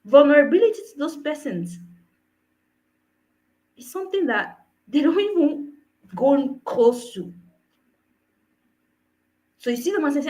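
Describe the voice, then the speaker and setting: A woman's voice: sits high, big pitch swings, slow, pauses often, poor audio. A woman coach giving an earnest motivational talk, often checking in with her listeners through rhetorical questions. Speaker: personal development coach.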